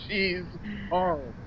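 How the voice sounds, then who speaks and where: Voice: medium pitch, muffled recording, noisy background. A podcast co-host in a casual TV recap chat, making sarcastic quips. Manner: wisecracking, animated, sarcastic quips.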